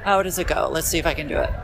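A man's voice: on the high side, vocal fry. A man talking into his phone as he walks down a city street, rambling in a self-deprecating way with many fillers and restarts. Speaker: podcast host walking and talking. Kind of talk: rambling walk-and-talk monologue. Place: outdoors on a busy city street, walking. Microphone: phone held while walking. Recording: street noise behind the voice.

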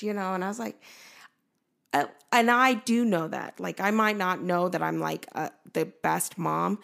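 A woman's voice: medium pitch, moderate pace, creaky, a bit bright. A woman who is a baker, a guest on a podcast, talking candidly and reflectively in casual conversation.

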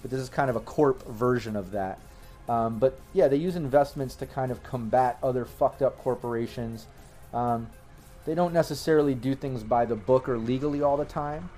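A man's voice: medium pitch, moderate pace, dark tone. A young man runs a tabletop game, rambling and full of fillers as he describes the scene. Faint music plays underneath. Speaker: game master.

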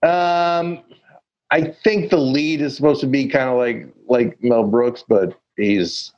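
A man's voice: mid-range voice, steady tone, takes it slowly, a little mellow, muffled recording. A man chatting casually as a podcast co-host, rambling and searching for words with many fillers. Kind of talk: casual chat.

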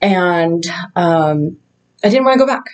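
A woman's voice: fairly low pitch, animated, a little slow, darkish tone. Candid woman telling her story. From Indiana. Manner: candid and reflective, loose with "like" and "you know". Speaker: vlogger sharing her personal story. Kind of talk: casual first-person storytelling.

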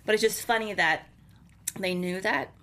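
A woman's voice: medium pitch, normal speed, sharp tone, a little hiss or hum. A young woman co-hosting a casual chat show, recapping an episode in a rambling, giggly way that corrects itself as she goes. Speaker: podcast co-host recapping a TV episode.

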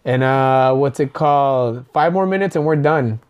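A woman's voice: very deep voice, normal speed, clean tone, highs cut off. A young woman hosting a podcast, telling stories in loose, profane casual chat with lots of laughter. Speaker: podcast host.

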